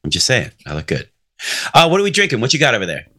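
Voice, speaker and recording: A man's voice: medium pitch, wildly swooping pitch, fast talker, background noise. A man co-hosting a podcast in casual chat, joking and sarcastic, swearing freely. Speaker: podcast co-host.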